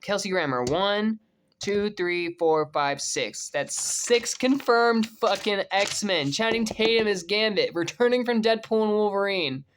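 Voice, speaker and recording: A young man giving casual reaction commentary on movie casting news, excitable and profane, breaking into shouts of disbelief. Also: high voice, a little slow, slight background noise. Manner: excitable, swears freely, bursts into shouting.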